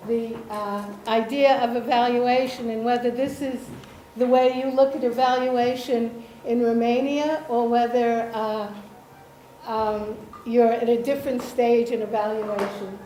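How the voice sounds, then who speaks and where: A woman from Israel leads a workshop in a reverberant lecture room, faint ambience behind her. Her voice sits a little high but mellow in tone. She talks slowly, hesitating with ums, and keeps checking that the room follows. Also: steady tone, a little hiss or hum. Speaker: workshop presenter, association chair. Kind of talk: slow explanatory workshop talk.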